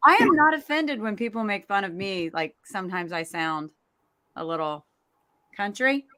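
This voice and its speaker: A woman with a Midwestern accent co-hosting a casual panel chat, bubbly and quick to agree. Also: medium pitch, animated, pushed and bright, clean tone. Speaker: co-host.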